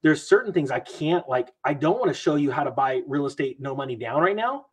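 Animated, husky-voiced man riffing. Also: fairly high pitch, a little fast. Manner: animated, rambling, acts out quoted people. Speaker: guest investor commentator. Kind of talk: casual podcast chat.

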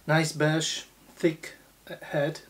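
A low-pitched woman talks through a beer tasting at a very slow, unhurried pace. She pauses often and fills the gaps with little hesitations as she describes what she notices. It sounds like a relaxed, casual review. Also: slight background noise. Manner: slow, halting, many fillers.

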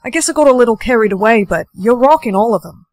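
A woman playing a shy young man who is a sweet, history-loving soulmate, soft-spoken and apologetic. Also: on the high side, expressive, fast talker, dry recording. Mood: sheepish. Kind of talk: TikTok POV skit acting.

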